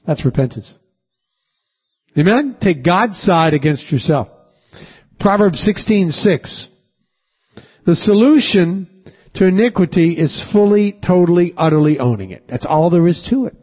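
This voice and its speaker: A man's voice: high-pitched, expressive, unhurried, breathy edge, dull audio. A man preaching a sermon, reading scripture aloud and quizzing the congregation with questions and rising emphasis. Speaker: pastor. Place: church sanctuary with congregation.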